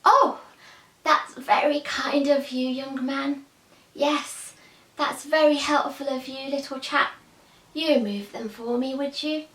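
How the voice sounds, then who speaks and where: A woman voicing a frail, gently teasing old man who speaks mildly and slowly, in an echoey room. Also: high-pitched, steady tone, distant mic. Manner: mild, drawn-out, teasing.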